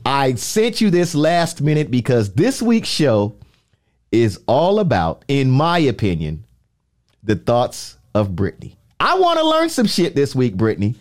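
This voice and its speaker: A man hosting a podcast, talking in a teasing, animated way with drawn-out emphasis. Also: mid-range voice. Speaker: podcast host. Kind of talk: casual podcast chat.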